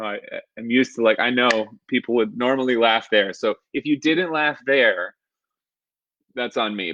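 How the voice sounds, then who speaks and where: A man's voice: medium pitch, a bit bright, dry recording, muffled recording. A man in his thirties telling personal stories in a casual, self-deprecating way on a live stream from his home kitchen. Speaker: storyteller. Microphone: phone or webcam on a live stream.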